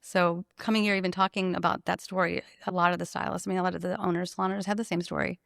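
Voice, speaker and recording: A woman who owns a salon, telling an emotional personal story in an animated, conversational way and laughing often. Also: lowish voice, rapid-fire, gravelly, no room sound, clean studio sound. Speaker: salon owner.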